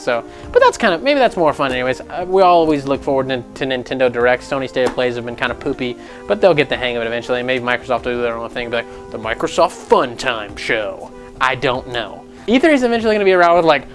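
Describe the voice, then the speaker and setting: A young man with a medium-pitched voice hosts a casual gaming news show. He is animated and jokey, frequently slipping into mocking voices.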